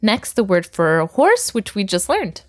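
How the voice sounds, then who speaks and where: A woman's voice: medium pitch, huge pitch swings, unhurried. A woman teaching vocabulary to a learner, patient and encouraging, often laughing. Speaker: language teacher.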